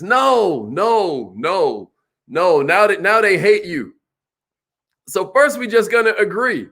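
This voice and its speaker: High bright-voiced man coaching a crowd. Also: normal speed. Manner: animated, preacherly, calls out to the audience. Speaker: sales trainer. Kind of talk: motivational seminar talk.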